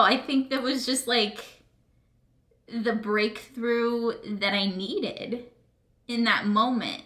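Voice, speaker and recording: Emotional woman vlogger, kinda teary, bright voice, echoey room, rambly and earnest. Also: mid-range voice. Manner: earnest, rambling, filler-heavy with "like". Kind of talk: emotional personal vlog. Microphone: camera mic.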